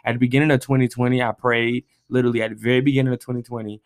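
Animated young man hosting a podcast. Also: medium pitch, very fast. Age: 20s. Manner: animated, reads messages aloud with feeling. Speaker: podcast host. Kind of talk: casual solo podcast talk.

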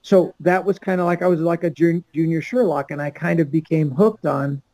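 A man's voice: on the high side, moderate pace, warm tone, no room sound, low-quality recording. An older man from Los Angeles, a podcast guest telling a long story and acting out the people in it. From Los Angeles, USA. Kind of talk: storytelling anecdote.

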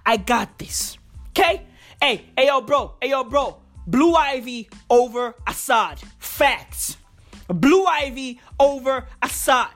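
A woman rants for her vlog in a loud, hyped voice, swearing freely and repeating herself for effect. Her delivery is slow and drawn out, sitting a little high in pitch, with faint music underneath. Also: expressive. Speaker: vlogger. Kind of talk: casual comedic rant.

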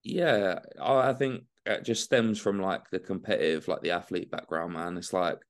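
A young Englishman chats easily on a podcast, his very deep voice sitting low the whole way through. He talks in a relaxed, loose way, peppering his talk with swearing and calling people mate. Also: normal speed. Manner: laid-back, swears freely, says mate and man. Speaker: bodybuilding guest. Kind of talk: casual podcast chat.

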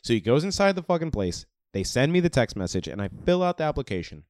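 Casual podcast co-host, man, clear resonant voice, animated storyteller. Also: medium pitch, quick pace, no room sound, studio quality. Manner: animated, swearing, acts out quoted voices.

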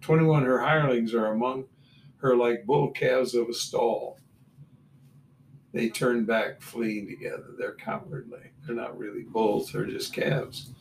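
A man's voice: mid-range voice, fairly even intonation, measured pace, gravelly. A man reading Bible verses aloud and adding blunt comments between them. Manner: reads verses then adds blunt asides. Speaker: Bible teacher. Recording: roomy, distant mic with faint room noise.

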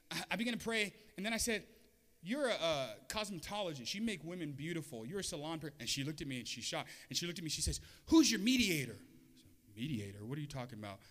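A man's voice: fairly high pitch, pushed and bright. A man preaching a sermon as a pastor, telling a story with humor and acting out the voices of the people in it.

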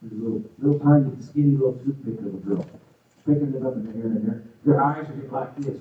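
A man's voice: mid-range voice, brisk. A man telling his own testimony in a sermon, storytelling with lots of energy and acting out the quotes. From Arizona, USA. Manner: animated storytelling with acted-out quotes. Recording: echoey far-off phone-like sound.

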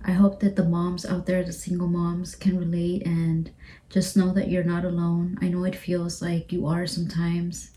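A single mother in her thirties hosting a podcast, speaking emotionally in a halting, repetitive way, swearing and often dropping to a whisper. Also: on the low side, completely flat delivery, dark tone, a little hiss or hum. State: emotional, near tears. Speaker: podcast host. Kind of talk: emotional personal podcast monologue.

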